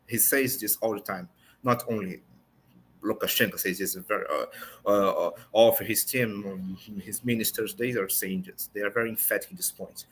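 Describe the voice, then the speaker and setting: A man commenting on politics in an online discussion show, earnest and pausing often to search for words in English. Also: on the low side, fairly even intonation, a bit bright, a little hiss or hum.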